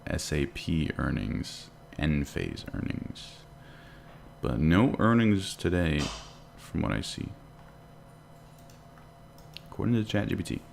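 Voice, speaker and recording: A man's voice: extremely low pitch, sing-song, slow pace, creaky, pauses often, a little mellow, a little hiss or hum. A man hosting a live day trading stream, chatting casually and answering viewer questions while he watches the charts. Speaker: day trading livestream host.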